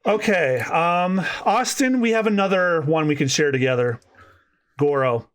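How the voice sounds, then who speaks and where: A man's voice: fairly high pitch, a little slow, smooth. A man co-hosting a podcast, chatting casually and animatedly, rambling and laughing as he talks. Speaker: podcast co-host. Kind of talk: casual chat.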